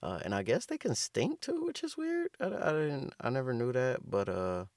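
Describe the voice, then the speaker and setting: A man's voice: medium pitch, huge pitch swings, normal speed, darkish tone, no room sound, studio quality. Rambling, profane man ranting for laughs. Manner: rambling, profane, riffing with frequent restarts. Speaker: comedic host. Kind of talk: profane comedic rant.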